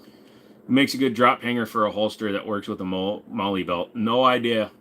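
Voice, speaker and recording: Reading out questions from viewers, a host in his forties banters back in a laid-back way, cursing now and then on his casual livestream. He speaks at normal speed in a fairly low, slightly bright voice.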